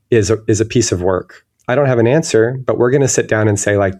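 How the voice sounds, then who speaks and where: A man's voice: mid-range voice, fast talker, hardly any pauses, a little mellow. A man speaking as a guest in an interview, thoughtful and searching, often restarting his sentences. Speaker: guest illustrator. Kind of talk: reflective interview talk.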